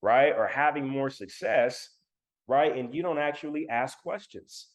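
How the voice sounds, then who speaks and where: A man's voice: medium pitch, measured pace. Emphatic man giving a livestream talk. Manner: emphatic, repeats phrases, addresses chat directly. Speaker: motivational speaker. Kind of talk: live-streamed motivational talk. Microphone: laptop mic.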